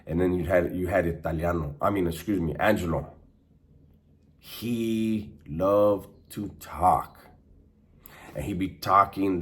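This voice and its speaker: Deep-voiced man telling prison stories. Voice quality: profane, conversational. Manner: streetwise slang, frequent restarts and fillers. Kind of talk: casual storytelling monologue.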